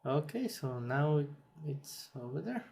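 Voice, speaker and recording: A man who is not a native English speaker, hosting a software tutorial and thinking aloud as he works, a bit tired and self-correcting. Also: on the high side, very animated, slow pace, gravelly, a little hiss or hum. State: yawning, tired. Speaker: tutorial host. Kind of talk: screen-recorded software tutorial.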